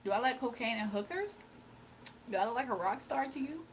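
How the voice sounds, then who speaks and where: A woman hosts a relaxed livestream, riffing on viewer comments in a loose, slangy way with frequent laughter. Her voice sits a little above the usual range. A faint hiss runs under the recording. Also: fairly high pitch, a little fast. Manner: playful and chatty, laughing often, slangy. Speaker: livestream host. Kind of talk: casual livestream chat reading viewer comments.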